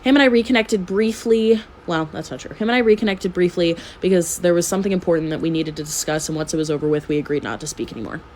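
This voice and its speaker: A woman's voice: on the low side, fast talker, hardly any pauses, darkish tone, slight background noise. Tired young woman rambling through a storytime at home, swears a lot, laughs a lot. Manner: chatty, swears freely, laughs often. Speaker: storytime vlogger. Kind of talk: casual storytime chat. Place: at home with her cat.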